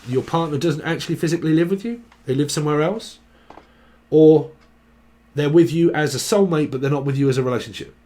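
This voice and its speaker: A man's voice: a little high, brisk, mellow. A man giving a casual, rambling tarot reading, full of slang and little acted-out chats. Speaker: tarot reader.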